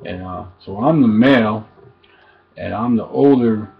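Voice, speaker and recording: A man giving a casual language lesson, halting and repeating each word slowly for learners. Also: on the low side, gravelly. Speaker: language teacher. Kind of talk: informal recorded language lesson. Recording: dull lo-fi recording, faint noise.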